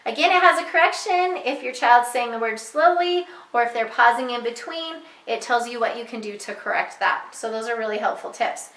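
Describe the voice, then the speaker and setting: A young woman teacher walking parents through a reading lesson, talking clearly and patiently and slowing down to model sounds. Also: fairly high pitch, lively intonation, fairly bright tone, roomy sound, low-quality recording. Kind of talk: instructional walkthrough for parents.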